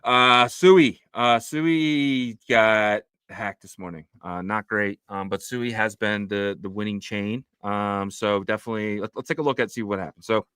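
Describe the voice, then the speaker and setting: A man's voice: fairly low pitch, normal speed, few pauses, a bit bright, clean tone, no echo, studio quality. A man co-hosting a casual crypto livestream, reading news and viewer comments aloud with lots of fillers. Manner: reads tweets and news aloud with frequent fillers. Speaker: livestream co-host.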